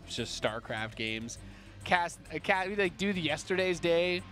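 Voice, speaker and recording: Excitable male esports caster. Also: fairly high pitch, unhurried, soft background music. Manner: excitable, jokey banter. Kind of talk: play-by-play commentary.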